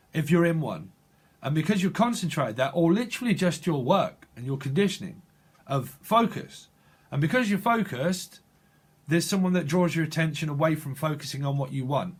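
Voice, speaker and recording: Halting man reading tarot. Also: fairly high pitch. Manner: halting, restarts and apologizes, talks to the viewer. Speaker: tarot reader. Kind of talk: channeled psychic tarot reading.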